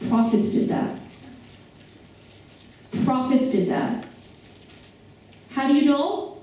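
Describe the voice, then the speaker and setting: A woman's voice: high-pitched, warm tone. Woman lecturing in an echoey hall. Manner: asks the audience many direct questions; conversational, with casual slang. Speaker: Islamic lecturer. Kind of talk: religious lecture to a live audience. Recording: echoey hall, voice picked up from a distance.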